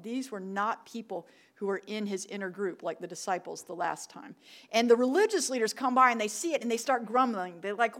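A middle-aged woman, giving a sermon as a church ministry director, telling stories and repeating her key points for emphasis. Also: medium pitch. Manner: warm storytelling with emphatic repetition.

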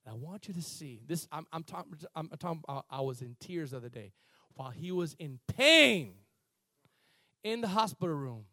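A man's voice: a little high, animated, quick pace, hardly any pauses, no room sound. Impassioned preacher man, dry close sound. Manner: impassioned preaching, building from quiet to loud. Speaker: pastor. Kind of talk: sermon.

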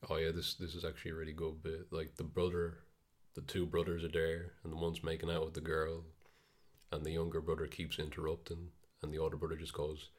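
A man's voice: a bass voice, completely flat delivery, fairly quick. A man co-hosting a podcast, chatting casually and wryly retelling scenes from a film. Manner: laid-back, wry storytelling. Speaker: podcast co-host. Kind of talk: casual chat reviewing a film.

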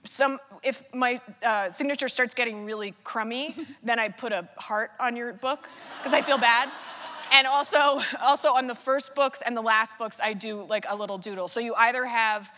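A woman with a bright, clear, somewhat high voice chats onstage in a live conversation. She tells rambling, self-deprecating stories and slips into quick imitations. A long hall reverb trails behind her words. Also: steady tone. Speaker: guest author. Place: theater stage before a live audience.

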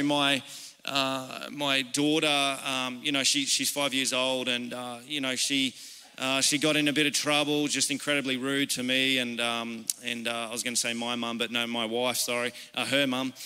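Australian male pastor, earnest, chatty sermon delivery, bright voice, echoing church hall. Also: medium pitch, smooth. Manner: earnest, conversational, personal storytelling. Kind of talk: informal sermon. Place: church service.

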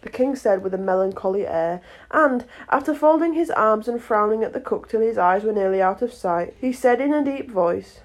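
A woman's voice: on the high side, lively intonation, normal speed, few pauses. A woman podcast host narrating a children's book aloud, with chatty, playful asides. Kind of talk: storybook narration.

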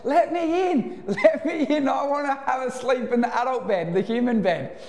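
A man's voice: very high voice, normal speed, a little mellow, a little hiss or hum, voice pushed up. A man voicing a pet dog that whimpers and whines outside a door, begging to be let into the bed, in an echoey church hall. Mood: pleading. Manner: whining and whimpering.

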